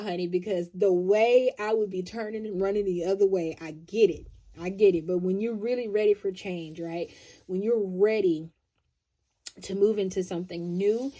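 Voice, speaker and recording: A woman giving a pick-a-card tarot love reading, chatty and expressive, often checking in with "right?". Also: mid-range voice.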